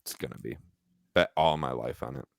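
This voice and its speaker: A man co-hosting a casual podcast, excitable and calling everyone "dude.". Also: very deep voice, fairly quick, creaky, no echo, studio quality. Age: adult parent. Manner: excitable, says "dude" a lot, swears casually. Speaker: podcast co-host. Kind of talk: casual chat.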